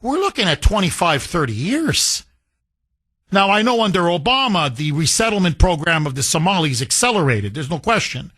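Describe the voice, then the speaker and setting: Combative high-voiced talk radio host. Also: male voice, sing-song, moderate pace, sharp tone. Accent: slight foreign accent. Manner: combative, incredulous, rhetorical questions. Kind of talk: opinionated talk radio monologue.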